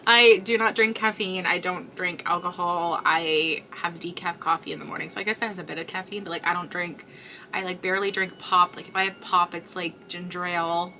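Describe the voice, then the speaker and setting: A woman's voice: on the low side, steady tone, a little fast, bright, forceful tone, slight background noise. A woman hosting a crochet livestream, chatting casually with viewers in a rambling way with many fillers, tired and yawning. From Canada.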